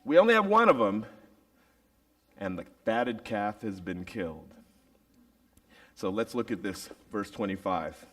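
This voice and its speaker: A male preacher tells a story in a slow, theatrical sermon. His lively voice rises and falls widely, and he punctuates the story with sound effects. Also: lowish voice, far from the mic.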